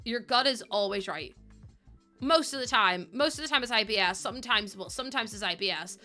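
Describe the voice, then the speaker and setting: A woman's voice: mid-range voice, brisk, pushed and bright. A young woman chatting casually and rambling while she streams a game, often breaking into giggles. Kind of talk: casual chat while gaming. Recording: music playing behind.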